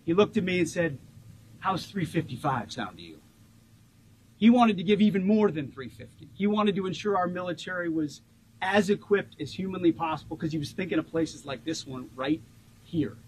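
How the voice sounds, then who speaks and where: A man in his forties giving a rousing ceremonial tribute speech as a government official, stressing key words by slowing down. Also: high-pitched, darkish tone, a little hiss or hum, low-quality recording.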